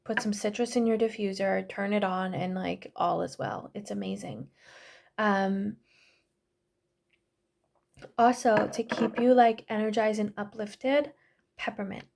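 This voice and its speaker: A woman's voice: mid-range voice, gravelly, a little mellow. A woman in her thirties teaching a casual online class, chatty and full of fillers, often correcting herself. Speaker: yoga and essential oils class teacher.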